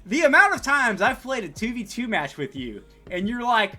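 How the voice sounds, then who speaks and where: Male podcast co-host, bright and very lively delivery, loud bursts, mumbled tails, casual swearing. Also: extremely high pitch, moderate pace, faint music behind. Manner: animated, swings from loud to mumbled trailing words; laughs often, swears casually. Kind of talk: casual chat.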